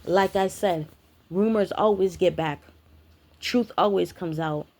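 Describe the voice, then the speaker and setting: A woman's voice: on the low side, a little slow, darkish tone. Blunt, profane woman ranting. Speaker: spiritual content creator. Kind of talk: ranting vlog monologue.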